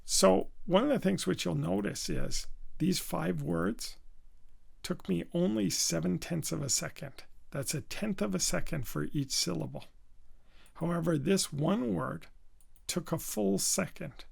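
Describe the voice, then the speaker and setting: A man teaching business communication at a very unhurried pace, placing deliberate stress on key words. His voice sits a little high and carries a heavy gravelly fry throughout. The delivery is steady and instructional. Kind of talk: instructional video lesson.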